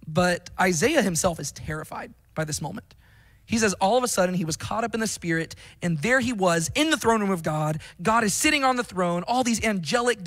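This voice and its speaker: A man's voice: sits high, fairly bright tone, poor audio. A man giving an earnest, emphatic Bible teaching talk, often checking in with "right?". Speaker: Christian teacher.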